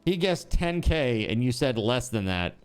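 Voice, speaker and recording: A man's voice: medium pitch, big pitch swings, measured pace, clean tone. A man streaming a building game, chatting casually and answering his chat aloud.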